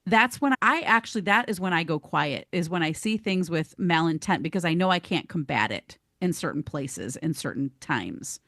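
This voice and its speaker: A woman co-hosts a casual podcast, telling a story in an animated way. Her voice sits a little low, and the recording is dry and close. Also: normal speed, hardly any pauses, dry recording. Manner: animated storyteller, laughs easily. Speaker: podcast co-host.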